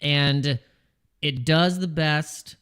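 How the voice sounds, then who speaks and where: A man's voice: on the high side, very slow, a bit bright, smooth. A man hosting a casual crypto livestream, joking and rambling, reading chat names and restarting his sentences, wired on coffee. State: over-caffeinated.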